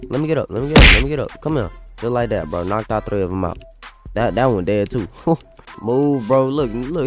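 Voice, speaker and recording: A young man giving live gameplay commentary, taunting opponents with repetitive, hyped trash talk. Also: mid-range voice. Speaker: gaming YouTuber. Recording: loud game music and hit sounds behind.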